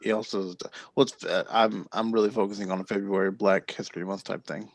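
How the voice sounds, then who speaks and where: Male podcast host, casual storyteller, gravelly and dry. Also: fairly low pitch, steady tone, dry recording. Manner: rambling storyteller, quick to laugh.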